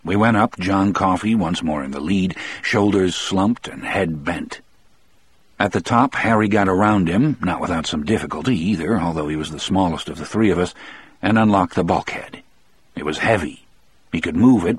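A man reading a first-person story aloud in a measured, steady storytelling manner. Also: deep voice, breathy edge, no room sound. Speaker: narrator.

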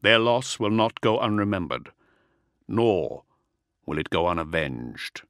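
A man playing a stern male war leader in an audiobook, giving firm, measured commands. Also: low voice, big pitch swings, a bit bright, no echo, studio quality, full character voice. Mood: solemn.

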